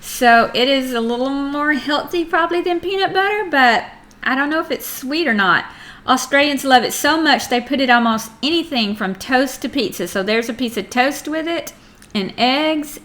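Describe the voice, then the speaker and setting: A woman with an American accent takes children through a geography lesson, reading aloud and stopping to chat. Her voice sits a little high and has a clear, bright edge. She keeps asking the kids questions as she goes. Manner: chatty, reads aloud, asks children questions. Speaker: teacher.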